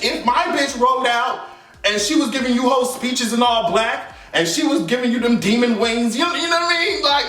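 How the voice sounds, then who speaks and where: A man's voice: very high-pitched, pushed and bright, recorded from a distance. A man delivering a heated, emphatic and profane fan rant as a vlogger. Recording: echoey room, voice off mic.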